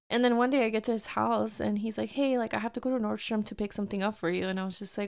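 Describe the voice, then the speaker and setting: A woman's voice: mid-range voice, fairly even intonation, quick pace, creaky, few pauses. A woman in her thirties telling a casual story, full of filler words and acted-out quotes, with a few Spanish phrases dropped in. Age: 30s.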